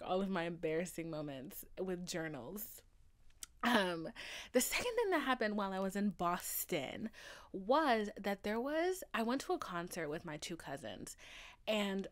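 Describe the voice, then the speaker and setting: A woman in her twenties hosting a podcast, telling personal stories in a casual, animated way with lots of swearing. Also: medium pitch. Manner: animated, profane, says "okay?" often. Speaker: podcast host. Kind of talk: casual storytelling monologue.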